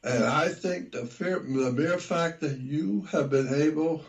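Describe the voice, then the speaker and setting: An older American man talking slowly in a casual conversation, repeating himself and spelling words out. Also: a little high, rough recording. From United States. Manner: slow and repetitive, spells words out. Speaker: talk show guest. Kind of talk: casual radio-style conversation.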